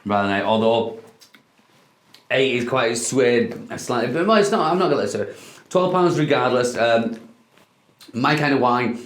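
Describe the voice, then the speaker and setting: A man talks wine in a loose, hesitant way, circling back and restarting his sentences and laughing easily. His voice sits at a middling pitch. It rings around an echoey room. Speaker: wine review co-host. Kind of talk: casual wine-tasting chat.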